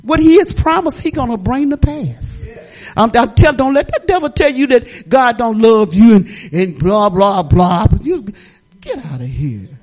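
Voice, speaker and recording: A middle-aged woman pastor preaching a sermon in a lively, folksy way, laughing and talking back to the congregation. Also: fairly high pitch, moderate pace.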